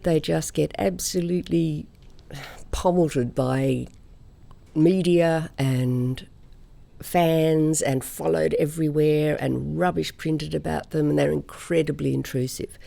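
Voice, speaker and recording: A woman from Australia, a singer, telling stories in a relaxed interview chat. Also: low voice, a little slow, vocal fry. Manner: chatty anecdotal storyteller, laughs often. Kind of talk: conversational interview storytelling.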